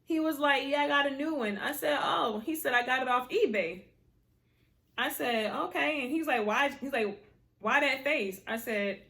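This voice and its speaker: Speaking at a normal speed with a high-sitting voice and some vocal fry, a young woman shares a personal story with her viewers. She's casual and animated, full of slang and exasperated side comments.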